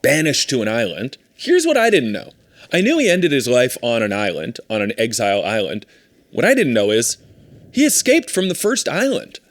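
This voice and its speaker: A man co-hosting a comedy podcast, riffing playfully. His pitch swings widely as he talks, and the recording is close and dry with no room sound. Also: sing-song, normal speed, no room sound. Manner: playful, riffs into high silly voices. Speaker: podcast co-host. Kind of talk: casual comedy chat. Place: apartment podcast setup.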